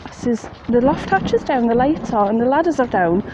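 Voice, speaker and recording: A woman's voice: fairly high pitch, expressive, fairly quick, muffled recording. A woman telling a ghost story in a chatty, plain-spoken way, outdoors at night in the rain. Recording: faint rain noise behind.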